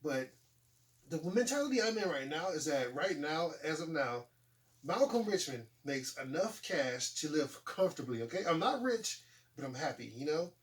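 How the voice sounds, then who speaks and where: A man's voice: on the high side, normal speed, recorded from a distance. A man in his forties hosting a casual talk show, telling stories with laughs and acting out what people said. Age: 40s. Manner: animated, laughing storyteller acting out quotes. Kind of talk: casual chat.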